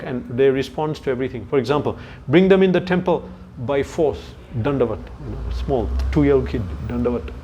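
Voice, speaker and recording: Giving a chatty, story-driven scripture talk to a youth group, this male spiritual lecturer often turns aside to his listeners and gropes for words mid-sentence. His voice is medium-pitched and mellow, with the high frequencies cut off and a little background noise.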